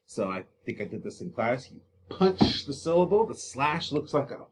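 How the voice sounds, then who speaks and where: A man's voice: medium pitch, very animated, normal speed, slight background noise. A man, an English teacher, giving a casual recorded slideshow lesson with joking asides and many fillers.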